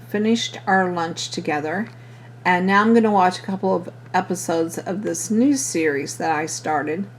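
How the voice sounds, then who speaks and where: A woman's voice: on the low side, a little hiss or hum, rough recording. Chatty older homesteading woman. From Missouri. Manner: homely, chatty, talks to viewers as friends. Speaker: vlogger. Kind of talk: casual vlog chat to camera. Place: home kitchen. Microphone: handheld camera.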